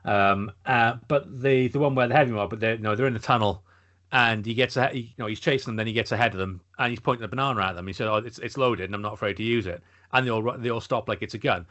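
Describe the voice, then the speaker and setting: A man's voice: medium pitch, fast, a bit bright, lo-fi sound. A man co-hosting a podcast, rambling agreeably in casual chat. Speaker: podcast co-host.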